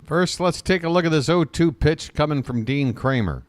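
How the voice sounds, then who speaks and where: A man's voice: animated, normal speed, slight background noise. Chatty man calling a baseball game. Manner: chatty, thanks viewers warmly between pitches; gets emotional and jokey. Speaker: host of a fan play-by-play stream. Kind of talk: live fan play-by-play commentary.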